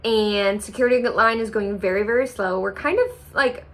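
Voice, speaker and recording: A young woman tells a story about her travel day in a casual vlog. She talks in an animated, chatty way, laughs often and jumps up in pitch when she acts out her own reactions. Her voice sits at an ordinary middle pitch for a woman. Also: moderate pace, few pauses. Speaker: travel vlogger.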